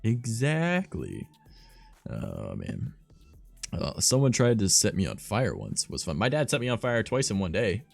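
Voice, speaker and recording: A man's voice: on the low side, huge pitch swings, unhurried, vocal fry, faint music behind. A young man hosting a livestream, telling stories in a rambling, profane, filler-heavy casual way. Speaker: streamer host.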